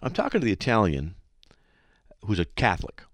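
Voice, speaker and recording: A man's voice: fairly low pitch, huge pitch swings, a little fast, no room sound. A man hosting a Christian call-in radio show, telling a story in an earnest, exhorting way.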